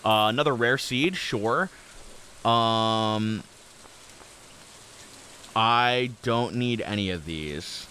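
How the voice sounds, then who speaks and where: Young male gaming creator, bright and easygoing, chats loosely over gameplay with lots of restarts. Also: on the low side, extremely slow, long pauses, slight background noise. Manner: rambling, many fillers and restarts; easygoing, chatty. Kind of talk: casual commentary while playing a game.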